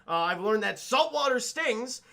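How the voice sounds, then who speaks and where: A man voicing a young, childlike hedgehog boy in a high, excitable, pleading voice while retelling a film on a livestream. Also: unhurried, gravelly, exaggerated voice. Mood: rueful.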